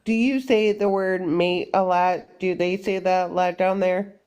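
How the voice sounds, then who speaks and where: A woman's voice: fairly low pitch, steady tone, a little slow, darkish tone, clean tone. A woman chatting on a livestream, curious about words and dialects. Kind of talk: casual livestream chat. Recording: noticeable background noise.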